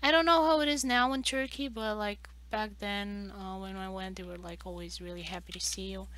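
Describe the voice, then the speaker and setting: Woman, young, bright tone, mid pitch, rambling casual chat, lots of fillers, streaming from home. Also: fairly even intonation, brisk, slight background noise. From Romania. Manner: rambling, loose, full of "like" fillers and restarts. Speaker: artist streaming a live drawing session. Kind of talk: casual chat while drawing.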